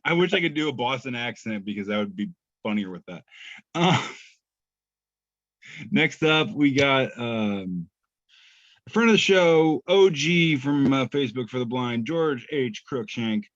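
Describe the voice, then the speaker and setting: A man's voice: medium pitch, animated, a little slow, fairly bright tone, dry recording. A man co-hosting a podcast, reading memes aloud in a laid-back, chuckling, self-deprecating way. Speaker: podcast co-host. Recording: slightly muffled dry podcast audio.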